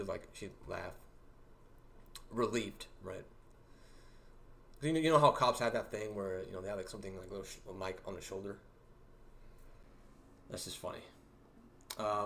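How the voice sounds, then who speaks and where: A young man hosting a livestream, telling stories about work in a rambling, halting way with many fillers and laughs. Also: on the low side, vocal fry, fairly bright tone, slight background noise. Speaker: livestream host. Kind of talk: casual storytelling to a livestream chat.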